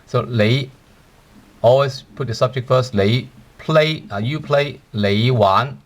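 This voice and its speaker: A man's voice: mid-range voice, slow. A man gives a language lesson, explaining step by step. He pads his talk with "uh" and checks in with "right?" after nearly every point. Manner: explanatory, with frequent fillers and tag questions. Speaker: language teacher.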